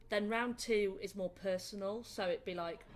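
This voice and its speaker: A young woman with a Northern English accent, a comedian chatting in a casual interview and telling animated, laughing stories. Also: mid-range voice, moderate pace. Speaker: comedian guest. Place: indoor room.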